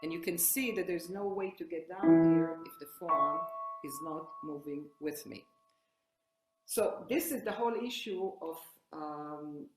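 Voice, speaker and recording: An older woman teaching piano technique, explaining as she plays and often restarting her sentences. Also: sits low. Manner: explains while playing, halting restarts. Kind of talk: piano lesson demonstration. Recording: echoey room with loud piano. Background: piano playing.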